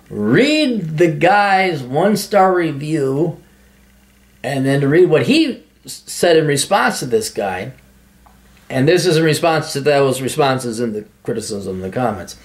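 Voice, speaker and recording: Medium in pitch with a darkish tone, a man hosts his own show alone. He reads listener comments and replies casually, rambling, sarcastic and poking fun at himself.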